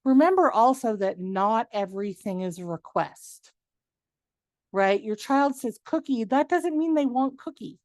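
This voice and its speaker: A middle-aged woman presenting a workshop, lively and animated, acting out quoted dialogue as she explains. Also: on the high side, unhurried, no room sound. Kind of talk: webinar presentation.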